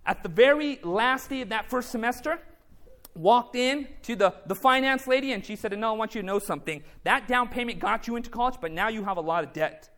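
A man with an unusually high voice delivers a testimony sermon. He tells his story through back-and-forth dialogue and now and then calls out to the congregation for a response. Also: expressive, brisk, fairly bright tone. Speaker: speaker giving a faith testimony.

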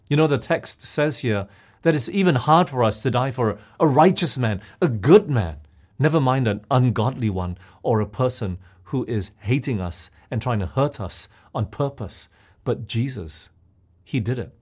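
A man delivers a sermon in a voice of middle pitch. He keeps turning to his listeners with questions as he preaches. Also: expressive, a little slow, a little mellow, breathy edge. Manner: asks the listeners questions often.

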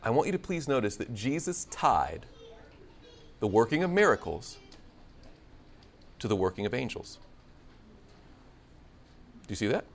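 A man's voice: medium pitch, measured pace, creaky, pauses often, slight background noise. A man preaching a conversational sermon, acting out scripture dialogue with playful humor. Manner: conversational, animated, acts out biblical dialogue with humor.

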